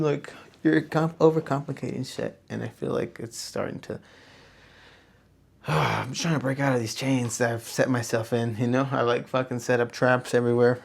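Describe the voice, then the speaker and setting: Young male host, gravelly, mid-pitched, loose profane self-talk on camera. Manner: rambling, profane, self-reflective. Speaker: podcast host. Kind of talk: casual solo talk to camera. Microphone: camera on a small tripod.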